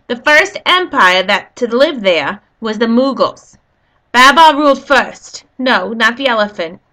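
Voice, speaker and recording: A woman's voice: high-pitched, pushed and bright. A woman giving a casual, rambling history lesson, full of jokey asides to her viewers. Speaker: history video host.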